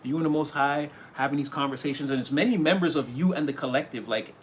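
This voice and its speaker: Talking fast in a fairly high pitch, this tarot reader keeps things casual, animated and full of acted-out mini scenes and bursts of laughter. Some slight hiss or hum sits in the background.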